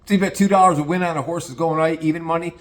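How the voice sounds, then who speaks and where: A man's voice: on the high side, steady tone, racing. A man telling a rambling, profane anecdote in a casual conversational way. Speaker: storyteller.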